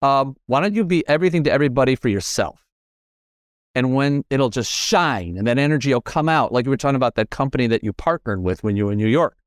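A man hosting a casual interview, talking with enthusiasm and sudden leaps in pitch. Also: lively intonation, fast talker, dry recording, studio quality. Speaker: podcast host. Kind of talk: casual conversation.

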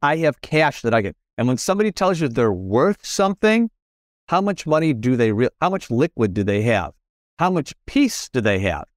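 A man's voice: medium pitch, big pitch swings, moderate pace, darkish tone, dry recording, studio quality. A middle-aged man talking as a podcast guest in casual conversation, earnest and repetitive, often correcting himself mid-sentence.

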